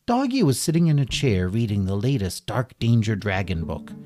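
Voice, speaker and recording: A man reading a children's story aloud in a playful, animated way, with soft guitar music behind him. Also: lowish voice, moderate pace.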